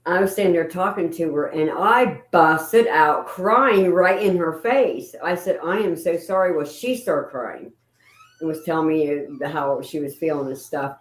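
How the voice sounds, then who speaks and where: A woman's voice: low voice, roomy sound, poor audio. A woman, a paranormal investigator telling emotional, rambling stories in casual chat.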